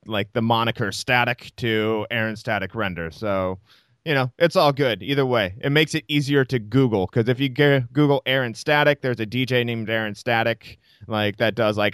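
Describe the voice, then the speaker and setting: A man hosting a podcast, chatting casually in an easygoing, relaxed way. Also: medium pitch, clear, resonant tone, dry recording, studio quality. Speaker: podcast host.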